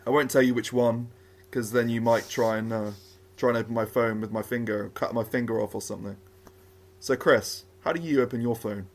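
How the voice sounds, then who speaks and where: A man's voice: mid-range voice, steady tone, brisk. A man co-hosts a podcast in a mid-range voice. He hesitates, repeats words and presents his segment with self-mocking humour. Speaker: podcast co-host. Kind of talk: casual chat.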